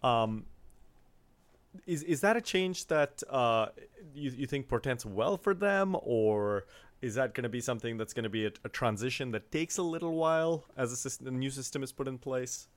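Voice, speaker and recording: A man's voice: medium pitch, lively intonation, normal speed. Man from India, podcast host, loose and jokey. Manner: playful, self-deprecating, asks questions. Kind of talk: casual podcast chat.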